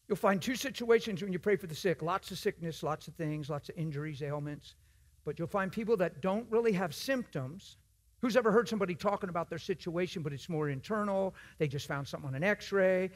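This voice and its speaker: Emphatic folksy preacher man, husky voice. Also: fairly high pitch. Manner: folksy, emphatic, swings between shouting and hushed asides. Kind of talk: sermon. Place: church.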